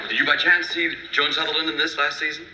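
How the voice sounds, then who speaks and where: A fussy, nervous man rambles and apologizes in an old sitcom. His voice sits a little high and sounds bright. The old TV soundtrack is dull and roomy, with faint hiss. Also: little pitch movement, fast talker. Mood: flustered. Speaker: sitcom character.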